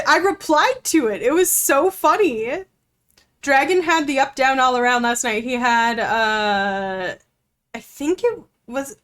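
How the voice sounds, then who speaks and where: A woman's voice: fairly high pitch, fairly bright tone. A woman streamer chatting casually with her viewers while playing a game, with plenty of fillers.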